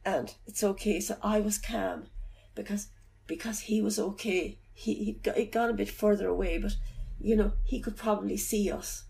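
A middle-aged woman telling of her loss in an interview. She talks haltingly and softly, often searching for words. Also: medium pitch, steady tone, vocal fry. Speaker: bereaved mother telling her story. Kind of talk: personal account in an interview.

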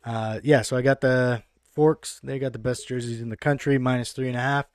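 On a podcast, a brash male co-host walks through his sports bets, swearing freely and sounding certain about every pick in this casual chat. His middle-pitched voice runs a little fast with fairly even intonation, recorded dry and close with no room around it.

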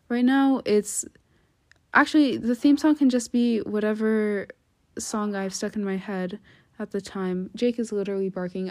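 Rambling teen girl podcaster, mellow voice. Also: mid-range voice. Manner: rambling, chatty, many ums, giggly asides. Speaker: podcast host. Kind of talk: casual solo podcast chat. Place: at home, indoors.

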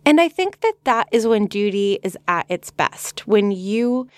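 An earnest, reflective woman co-hosts a podcast in easy conversational discussion. Her voice sits at an ordinary middle pitch for a woman. The recording is close and dry, with no room sound. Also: big pitch swings, unhurried, a little mellow, no echo. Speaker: podcast co-host.

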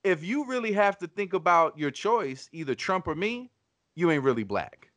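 A folksy older male politician brushes a question aside in a high, drawling, patronizing voice, as a podcast host puts him on. The sound is dry and close. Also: very animated, moderate pace, fairly bright tone, no echo. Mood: dismissive.

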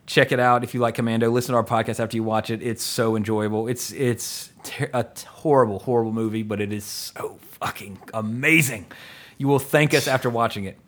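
A man's voice: medium pitch, steady tone, fairly quick, a bit bright. Rambling, laughing man reviewing a film. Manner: rambling and enthusiastic, laughs often, many fillers. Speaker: podcast host. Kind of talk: casual movie podcast chat.

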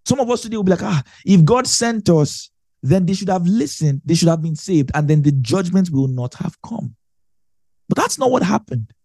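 A man teaching a sermon, emphatic and animated, hammering home key phrases by repeating them. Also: high-pitched, moderate pace, no echo, studio quality. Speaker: Bible teacher.

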